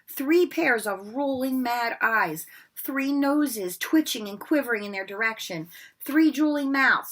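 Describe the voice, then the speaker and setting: A woman reading a children's novel aloud with expressive, dramatic storytelling. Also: mid-range voice. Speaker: read-aloud narrator. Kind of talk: children's book read-aloud.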